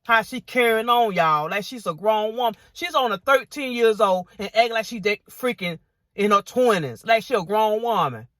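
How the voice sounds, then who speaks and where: A woman's voice: fairly high pitch, expressive, normal speed, a bit bright, no echo, studio quality. A woman vlogger giving indignant reaction commentary on viewer comments, repeating herself and saying y'all often.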